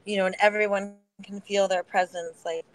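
Gentle, nurturing woman in a heart-to-heart chat. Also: medium pitch, little pitch movement, moderate pace, poor audio. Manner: gentle, nurturing, many filler likes.

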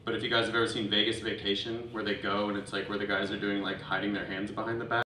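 A man's voice: on the low side, little pitch movement, fast talker, sharp tone. A man doing stand-up, casually telling a drunken story with plenty of swearing. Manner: casual, rambling, swears freely. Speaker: comedian and host. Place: small venue with live audience. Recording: echoey room from far off, faint noise.

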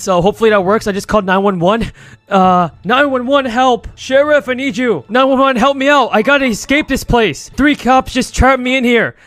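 A man giving excited, dramatic role-play gameplay commentary and talking straight to his viewers. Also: high-pitched, no room sound. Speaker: gaming YouTuber.

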